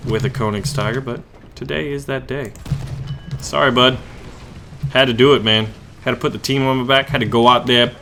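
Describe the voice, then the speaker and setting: A man hosting his gaming channel, giving joking, excitable live commentary on his own gameplay and talking to himself and his enemies. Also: medium pitch, slight background noise.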